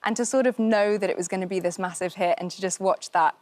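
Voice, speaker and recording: A woman's voice: mid-range voice, steady tone, fast talker, a little mellow, dry recording. A woman in her thirties, an actress guest chatting casually, full of fillers and ready laughter. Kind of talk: casual chat.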